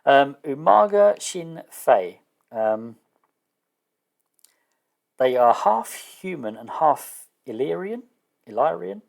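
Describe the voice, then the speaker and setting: A man explaining his solo tabletop game setup in a casual, hesitant way, often pausing with fillers and restarting sentences, and unsure of some terms. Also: medium pitch, big pitch swings, creaky. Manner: self-deprecating, unsure of terms. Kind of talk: casual thinking-aloud explanation.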